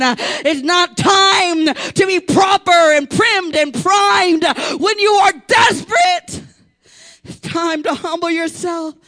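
A woman preaching a fervent sermon in a very high, bright voice. She takes her words slowly and deliberately, then swells into full-throated shouts as she presses the point. She keeps calling on the congregation to answer back. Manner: impassioned, rising to shouts; urges the congregation to respond.

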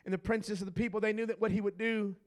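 A male pastor preaching a sermon, filling his pauses with "uh" and swinging from hushed tones to shouting. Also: high-pitched, fairly even intonation.

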